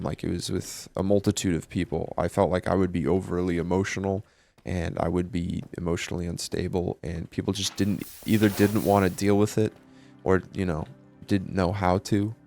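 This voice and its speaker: A man's voice: low voice, fairly even intonation, normal speed, vocal fry, a little mellow, no room sound. A young man speaking candidly in a casual personal monologue, swearing and using lots of fillers. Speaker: vlogger.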